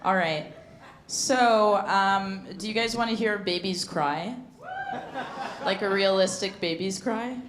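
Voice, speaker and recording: A comedian working a club stage with a handheld mic, drawling slowly through deadpan lines before breaking into shrieks and giggles. The room rings with echo and a clear wash of audience noise. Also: female voice, mid-range voice. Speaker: stand-up comedian. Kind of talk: surreal stand-up set.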